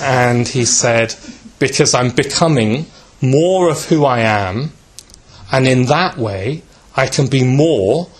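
A man giving a reflective spiritual talk, telling a story gently and unhurriedly, with many fillers and a habit of asking "yeah?", and shifting his pitch to voice the people in it.

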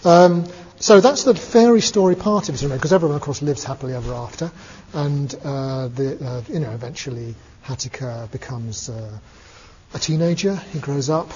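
A man telling a Buddhist story to his listeners in a relaxed way, chuckling and using many fillers. His voice is a little high. It is recorded dull and lo-fi, with a long reverb and faint ambience. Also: normal speed, slight background noise. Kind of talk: storytelling talk.

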